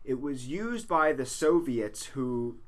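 A man co-hosting a casual podcast, telling a dark history story, swearing freely and laughing with his friends. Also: mid-range voice, animated, takes it slowly. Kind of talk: casual profane podcast banter.

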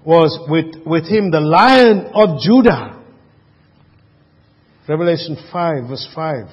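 A man's voice: fairly high pitch, slightly rough. A man preaching a sermon, earnest, asking rhetorical questions and often restarting his sentences. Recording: muffled, reverberant hall.

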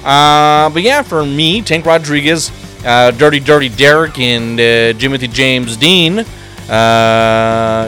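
A man hosting a podcast, signing off casually with many "uh" pauses. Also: medium pitch, sharp tone, faint music behind. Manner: halting, many "uh" fillers. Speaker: podcast host.

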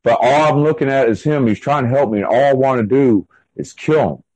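A man's voice: mid-range voice, fairly quick, darkish tone, dry recording, poor audio. A man being interviewed, telling a long story in a casual, rambling way full of fillers and restarts. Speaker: interview guest.

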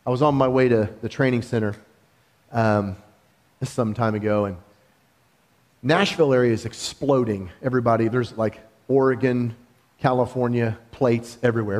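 A man preaching a sermon, talking in an animated, conversational storytelling way with laughs. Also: medium pitch, fairly quick.

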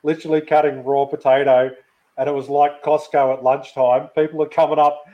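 A man's voice: a little high, level tone, a little fast. A man co-hosting a casual livestream who teases, swears and laughs often. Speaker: co-host, knife-making gear supplier. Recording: dull lo-fi sound.

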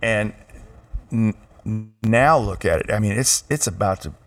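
A man's voice: lowish voice, unhurried, fairly bright tone, faint music behind. A middle-aged father co-hosting a casual chat at home, rambling with lots of restarts. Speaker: father and podcast co-host. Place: home room with air conditioner.

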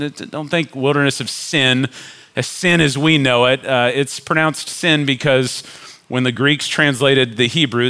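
A middle-aged man, a pastor preaching a sermon, animated, acting out complaining crowds in a raised voice. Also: medium pitch.

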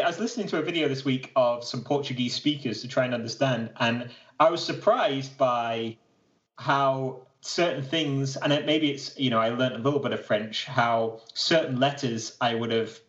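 A British man chats casually, laughing at himself and circling back through false starts. His pitch sits in the middle of the range. The recording is a little dull and lo-fi. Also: moderate pace, a bit bright. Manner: self-deprecating, rambling with restarts. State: keeps clearing his throat. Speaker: podcast co-host. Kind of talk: casual chat. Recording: slightly dull lo-fi sound.

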